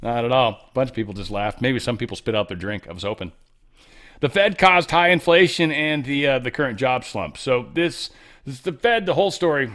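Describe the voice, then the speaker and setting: A man's voice: mid-range voice, brisk. A man hosting a commentary show, talking casually with sarcastic jokes, restarts and fillers. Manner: animated, joking asides, sarcastic, frequent fillers and restarts. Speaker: political commentary show host.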